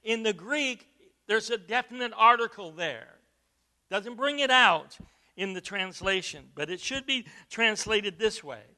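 Male preacher, high, very bright tone, emphatic sermon delivery. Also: animated, unhurried. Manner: emphatic, rising to loud stresses, repeats words.

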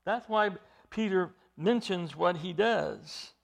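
A man preaching an expository sermon, emphatic, with his voice rising into loud bursts. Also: high-pitched, slow, gravelly.

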